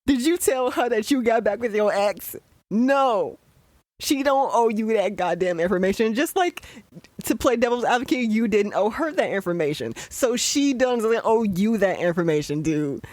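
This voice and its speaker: Worked up and exasperated, a young adult podcaster delivers profane, ranting commentary on a show. The voice is expressive, darkish and ordinary in pitch, moving at a moderate pace. The recording is close and dry, with no room sound.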